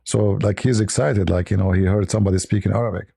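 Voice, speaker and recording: A male live-stream host talks in loose, chatty fashion and often breaks into laughter at his own anecdotes. His voice is low-toned, mellow and gravelly, with a husky edge. The sound is dry and close, with no room echo. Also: steady tone, quick pace. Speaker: livestream host. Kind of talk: casual live-stream chat.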